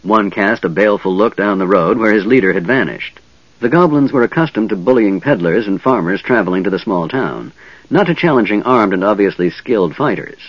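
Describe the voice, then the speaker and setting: Low expressive male fantasy narrator. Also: a little fast, slightly rough, no echo. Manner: lively, expressive reading with many voices. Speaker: audiobook narrator. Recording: dull dry lo-fi sound.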